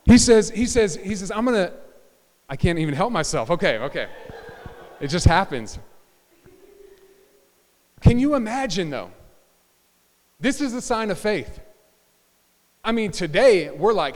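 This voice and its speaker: A man preaching a sermon as a pastor in a church, animated and joking with asides to the congregation. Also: high-pitched, moderate pace, long pauses. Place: church sanctuary. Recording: church hall reverb.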